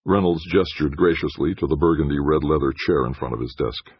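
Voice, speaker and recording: A man narrating an audiobook in a steady, scripted storytelling manner. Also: extremely low pitch, brisk, few pauses, slightly rough, dry recording. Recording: dull dry studio sound.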